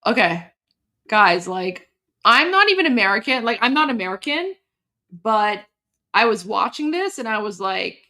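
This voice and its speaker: A woman from Iran chatting on a casual livestream, emotional and halting, with many restarts and repetitions. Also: on the high side, sing-song, pushed and bright. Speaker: livestream host.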